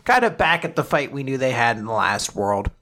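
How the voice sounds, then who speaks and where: A man hosting a podcast, casually recapping a comic chapter with animated, laughing delivery. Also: medium pitch, brisk. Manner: animated, laughing, slips into character voices. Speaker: podcast host.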